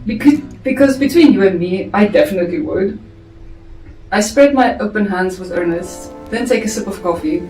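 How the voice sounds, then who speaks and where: A woman reading her own story draft aloud to a family member, chatty and quick to laugh. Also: medium pitch. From South Africa. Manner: lively, laughing, chatty asides. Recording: echoey room, far from mic, faint music.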